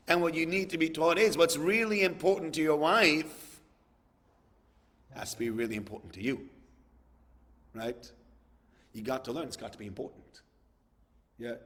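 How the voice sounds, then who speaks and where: A man's voice: on the high side, fairly bright tone, in a large hall. A man, a rabbi, giving a conversational sermon, acting out dialogues and repeating words for emphasis.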